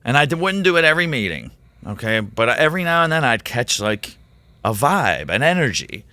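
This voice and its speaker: A man who teaches, telling a rambling, excitable story as a podcast guest. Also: medium pitch, fairly quick, dry recording. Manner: rambling, excitable, quotes himself in animated voices. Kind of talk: casual storytelling in a podcast interview.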